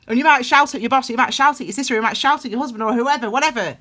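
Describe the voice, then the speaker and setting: A woman's voice: a little high, very fast, bright, forceful tone. A woman giving a casual tarot reading, rambling and emphatic with lots of restarts. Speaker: tarot reader.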